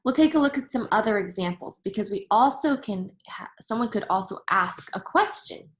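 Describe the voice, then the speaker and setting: A woman teaching a recorded grammar lesson speaks in a patient, deliberate way. She talks straight to her students and calls them scholars. Her pitch sits right in the middle for a woman. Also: lively intonation, rough recording. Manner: patient and deliberate, repeats and rereads examples aloud; addresses students directly and warmly as scholars. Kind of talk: recorded remote classroom lesson.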